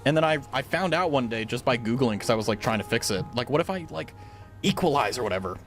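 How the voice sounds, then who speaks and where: A man's voice: mid-range voice, lively intonation, fast talker, soft background music. A young man streaming a game at home on a dynamic mic, chatting casually in a rambling, filler-heavy, giggly way. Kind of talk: casual gaming stream chat. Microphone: studio dynamic mic.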